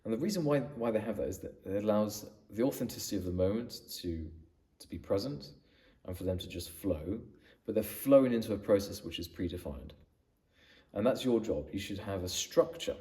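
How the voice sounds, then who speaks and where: A low-voiced man talks through sales advice in a relaxed, mellow tone, circling back and repeating himself as he builds his points. He sits a little back from the microphone, so his voice sounds slightly distant. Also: brisk. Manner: conversational, with frequent restarts and emphatic repetition. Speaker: business coach. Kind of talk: direct-to-camera advice video.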